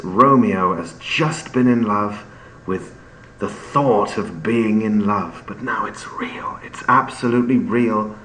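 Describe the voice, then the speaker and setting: A man explaining a play in an unhurried storytelling manner, sometimes restarting with fillers as he searches for words. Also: fairly low pitch, fairly bright tone, slight background noise. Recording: echoey room with faint ambience.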